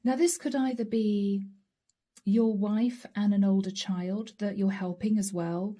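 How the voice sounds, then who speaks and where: A woman giving a channeled tarot reading. She speaks intimately and repetitively, addressing the listener directly and sometimes dropping to a soft whisper. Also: medium pitch, steady tone, measured pace. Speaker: tarot reader.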